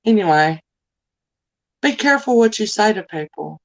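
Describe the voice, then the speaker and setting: Over poor audio, a middle-aged woman with a drawl hosts a loose live chat, her mid-range voice expressive and creaky at a moderate pace. She wanders from point to point, apologizes a lot and comes across as emotional, the way a person does when her feelings are on her sleeve.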